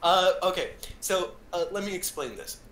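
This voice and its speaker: A man's voice: sits high, lively intonation, normal speed, fairly bright tone. A man co-hosting a casual podcast, giggling often and talking with many hesitant fillers. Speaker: co-host. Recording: echoey room, faint background noise.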